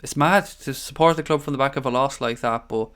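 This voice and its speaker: A man's voice: medium pitch, a little fast, a bit bright, clear, resonant tone. An Irish man hosting a casual live stream, reading out viewer comments and greeting people as mate and buddy. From Ireland. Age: adult father of young children.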